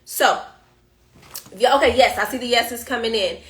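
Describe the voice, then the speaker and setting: A woman hosting a live stream, telling a story in an animated, playful way and talking straight to her viewers. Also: on the high side, normal speed.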